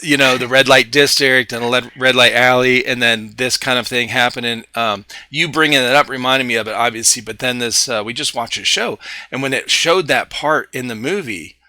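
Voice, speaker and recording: Bright-voiced man rambling on a podcast. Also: mid-range voice, dry recording. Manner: rambling, halting, many fillers. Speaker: podcast co-host. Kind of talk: casual chat.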